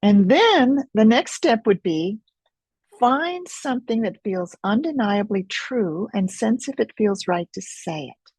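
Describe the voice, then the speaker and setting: A middle-aged woman leading an experiential teaching webinar in a gentle, reflective way, pausing often, over a video call mic. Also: fairly high pitch, expressive, husky, no room sound. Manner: gentle, reflective, unhurried with pauses. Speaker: Focusing teacher.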